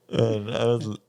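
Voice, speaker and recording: A man's voice: medium pitch, dark tone, no echo. A young man, co-hosting a podcast and telling a story in casual chat, laughing often and swearing casually. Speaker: podcast co-host.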